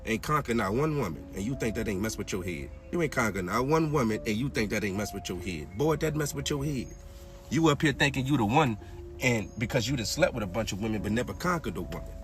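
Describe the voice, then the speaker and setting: A low-pitched man lectures in a slangy, preachy monologue, checking in with his listeners over and over. He drops to a mutter, then climbs into loud, high bursts. Clear music plays behind him. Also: animated, quick pace. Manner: slangy, repeats "you heard me?". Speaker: spiritual talk host.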